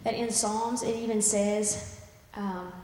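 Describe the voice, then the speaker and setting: A woman preaching a sermon and retelling a story with lively acted-out voices. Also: medium pitch, slow pace. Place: church sanctuary. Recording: echoey church hall.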